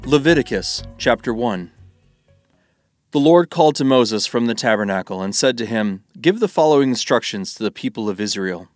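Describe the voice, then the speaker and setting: A man giving a steady, solemn reading of a scripture passage. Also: medium pitch, normal speed, no room sound, soft background music. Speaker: Bible reader.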